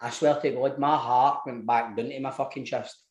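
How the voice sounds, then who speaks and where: Against crowd noise, a Scottish podcast co-host with a mid-range voice chats casually at a moderate pace, his intonation fairly even. He tells a story, swears freely, and laughs through his own tales.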